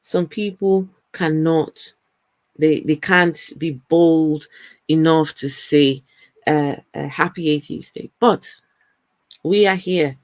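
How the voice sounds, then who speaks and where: A woman from Africa hosts a laid-back livestream, chatting with viewers and going through their comments in an accent that mixes African and British. Her voice sits low and is a little mellow, her pace is slow, and there's no echo. She chats freely, repeats words, and laughs often.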